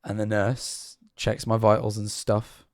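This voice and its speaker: A man telling a self-mocking story to his stream, animated and swearing freely. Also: lowish voice, measured pace, no echo, clean studio sound. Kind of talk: casual storytelling to a live stream chat.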